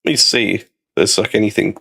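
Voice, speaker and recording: A man's voice: fairly low pitch, steady tone, brisk, gravelly, sharp tone, slightly rough. A man with an Australian accent, hosting a loose, rambling casual chat stream and swearing now and then. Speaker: streamer host.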